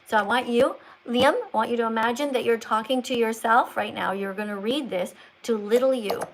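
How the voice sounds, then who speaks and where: High-voiced woman coaching like a teacher. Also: brisk, slight background noise, low-quality recording. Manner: teacherly, coaxing, talks as if to a child. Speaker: livestream host. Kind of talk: livestream chat, coaching a caller to read.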